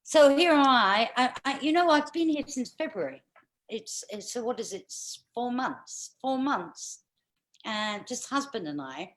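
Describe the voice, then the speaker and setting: A woman's voice: on the high side, lively intonation, normal speed, a bit bright. British woman doing dry, bawdy stand-up. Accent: British English. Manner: dry, chatty storytelling with bawdy punchlines. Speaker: stand-up comedian. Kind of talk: stand-up comedy over a video call.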